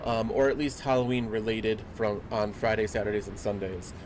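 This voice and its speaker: Low-voiced man, rambling stream chat. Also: little pitch movement, moderate pace, darkish tone, a little hiss or hum. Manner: loose rambling talk full of fillers. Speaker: game streamer. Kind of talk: casual live-stream chat. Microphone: desk microphone. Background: game music.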